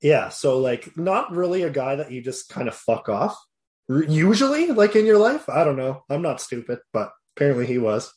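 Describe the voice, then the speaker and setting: A man's voice: on the high side, big pitch swings, darkish tone. A man hosting a podcast, chatting casually and chiming in to agree with his guest. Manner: agreeable, quick to chime in. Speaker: podcast host. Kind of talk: casual interview chat.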